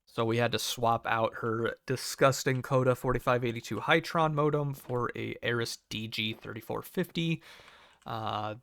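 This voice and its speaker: A man's voice: medium pitch, fairly bright tone, smooth, dry recording. A young American man telling a work story in a sarcastic, profane, casual way and acting out the people in it. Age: young adult. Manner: profane, sarcastic, acts out quoted voices. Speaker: cable technician storyteller.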